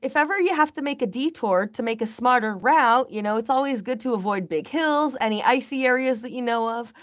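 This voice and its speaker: A woman's voice: on the high side, brisk. A woman hosting a casual game live stream, upbeat and easygoing, greeting viewers by name and chatting between moves. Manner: laid-back slang like "rock on" and "baby".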